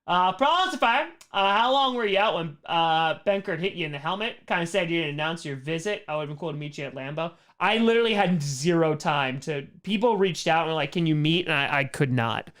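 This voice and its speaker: A man hosts a casual livestream Q&A, answering chat questions in a fairly high, fairly bright, expressive voice. He talks a little fast with hardly any pauses, rambling with lots of "like" fillers and blunt opinions.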